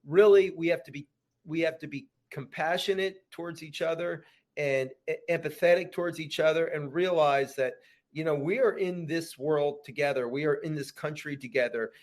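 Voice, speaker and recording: Earnest man with a higher voice. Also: moderate pace. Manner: earnest, repeats phrases, ends thoughts with "man". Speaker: guest actor. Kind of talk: casual podcast interview.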